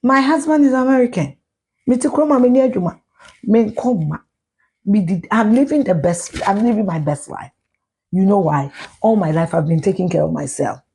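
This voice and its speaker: A woman's voice: mid-range voice, normal speed, dark tone, husky. A middle-aged woman with a Ghanaian accent, ranting bluntly and profanely on a live stream, switching between Twi and English. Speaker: social media commentator.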